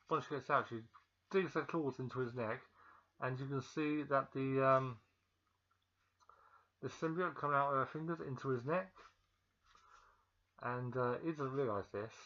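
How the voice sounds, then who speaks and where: A man talks through a film's plot in a loose, rambling way, full of ums and self-corrections. He is feeling ill. His voice sits in a middle pitch, and the recording sounds dull and lo-fi. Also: a bit bright. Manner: rambling, with many ums and restarts. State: feeling ill, pausing to cough. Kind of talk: casual film recap.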